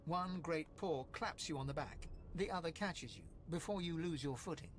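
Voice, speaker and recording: A man voicing a video game narrator, reading scripted lines in an even, storybook tone. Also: fairly high pitch, moderate pace, slight background noise, lightly acted. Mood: calm. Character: calm adult male game narrator. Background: faint game music.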